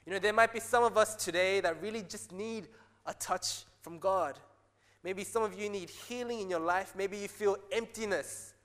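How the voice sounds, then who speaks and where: A man preaching a sermon as pastor, earnest, rising to excited peaks and dropping soft again. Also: high-pitched. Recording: long hall reverb.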